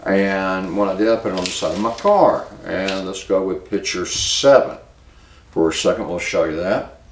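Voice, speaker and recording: A man hosting a local news commentary show, talking in a plainspoken, halting way and cueing a producer to put up pictures. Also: sits low, echoey room. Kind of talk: casual spoken commentary.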